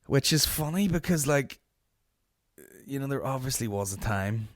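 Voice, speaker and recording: A young man with a Northern Irish accent tells a story on his podcast, cursing freely and jumping up into the voices of the people he quotes. His voice sits at a middling pitch. The recording is dry, with no room sound. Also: moderate pace, no echo. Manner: sweary, animated, acts out quoted voices. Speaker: podcast host. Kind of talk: casual storytelling.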